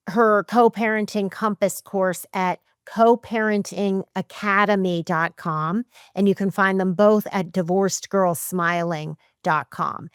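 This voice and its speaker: A middle-aged woman hosting a podcast, talking in a lively, chatty and emphatic way and acting out her own thoughts. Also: mid-range voice, clean tone, no echo, studio quality. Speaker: podcast host. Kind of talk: casual podcast chat.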